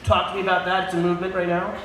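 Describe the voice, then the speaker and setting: Loud high-voiced comedian in an echoey pub. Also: male voice, completely flat delivery, rapid-fire. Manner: loud, crude, crowd-baiting delivery with frequent shouts. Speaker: stand-up comedian. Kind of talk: stand-up comedy set. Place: pub stage before a live audience. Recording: echoey room with crowd noise.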